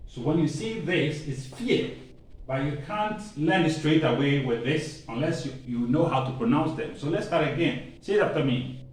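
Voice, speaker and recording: Ghanaian-accented man, language teacher, fairly high voice, off-mic in a very echoey room. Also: animated, distant mic. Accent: Ghanaian English. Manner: slow, emphatic drilling with repetition and playful asides. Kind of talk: online language lesson. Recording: very echoey room, voice off-mic, faint ambient noise.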